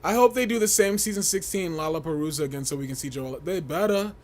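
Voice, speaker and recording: A young man hosting a casual livestream, gossiping and reading chat in an animated way, often laughing and breaking into shrieks. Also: fairly high pitch, fast talker. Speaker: livestream host.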